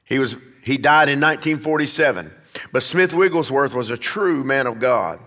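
A man's voice: mid-range voice, normal speed, a bit bright, big-room sound. A man preaching a sermon as pastor, swelling to emphatic peaks as he drives his points home. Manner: preaching, rising and emphatic at climaxes.

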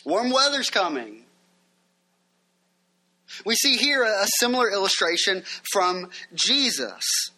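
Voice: mid-range voice, big pitch swings, takes it slowly, pauses often, bright, forceful tone. A pastor preaching a sermon in a conversational way, asking the listeners questions and reading passages aloud.

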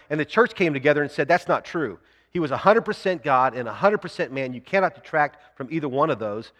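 Male pastor, earnest sermon delivery with a slightly raised pitch, reverberant sanctuary sound. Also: fairly bright tone. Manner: earnest preaching, slows down to read scripture aloud.

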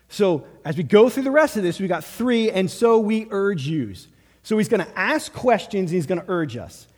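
A man's voice: high voice, a little mellow, in a large hall. A man preaching a sermon as pastor, with an urgent, emphatic delivery. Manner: urgent, emphatic preaching with acted pep talks.

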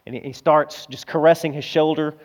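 Middle aged pastor guy giving a sermon, earnest, gets emotional telling stories, voice a bit high. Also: fairly even intonation, fairly quick. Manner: earnest, emotional storytelling, addresses crowd as guys.

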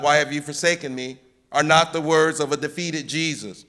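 A man preaching a Good Friday sermon, measured and emphatic, lifting his voice on the quoted cries from the cross. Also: a little high, steady tone, a bit bright.

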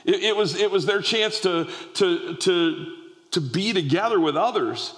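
Animated male preacher in a reverberant hall. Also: high-pitched, measured pace. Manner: animated storytelling with frequent restarts. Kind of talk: sermon.

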